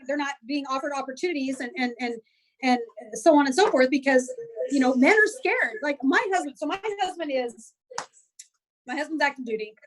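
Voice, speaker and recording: A woman guest chatting on a video call, telling stories in an animated way with many restarts and fillers. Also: sits high, fairly quick, crowd noise, rough recording. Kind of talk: casual chat.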